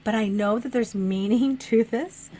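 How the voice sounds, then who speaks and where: Middle-aged woman podcast co-host, chatty, expressive storyteller, laughs a lot, casual swearing. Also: a little high, measured pace, slight background noise. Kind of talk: casual chat.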